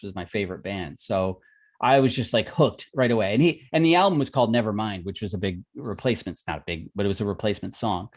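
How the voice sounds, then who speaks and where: A man's voice: mid-range voice, darkish tone. A man telling long stories in casual livestream chat, with many restarts and fillers. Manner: rambling storyteller with many restarts. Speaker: podcast co-host. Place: music industry veteran, former record store clerk.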